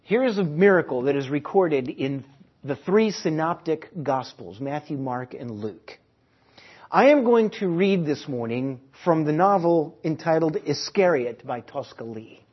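A man preaching a sermon and reading a passage aloud, emphatic, swelling and then dropping to a hush. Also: a little high, animated, a little slow, breathy edge, lo-fi sound. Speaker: pastor.

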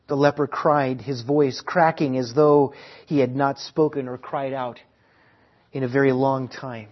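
A man preaching a sermon and reading a passage aloud, emphatic, swelling and then dropping to a hush. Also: mid-range voice, fairly even intonation, a little slow, dull audio. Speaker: pastor.

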